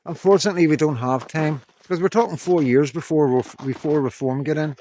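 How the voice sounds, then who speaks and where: A man's voice: fairly high pitch, a little fast, mellow, a little hiss or hum. A man with a thick regional accent speaks to his followers on an evening stroll, recorded on a handheld phone outdoors. He rambles in a blunt, downcast way, looping back on his points and swearing now and then. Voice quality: strong regional accent that he says captions garble. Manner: rambling, frank, swears, repeats "you know". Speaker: vlogger. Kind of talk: casual monologue to viewers.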